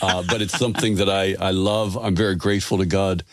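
A man's voice: deep voice, fairly even intonation, fairly quick, slight background noise. A man in his sixties, an author guest in a casual interview, telling stories with self-deprecating humor.

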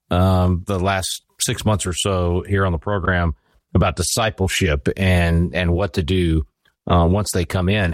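A man hosting a program, asking an interview question in a measured way with a few hesitant fillers. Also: low voice, no room sound, clean studio sound. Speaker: radio program host.

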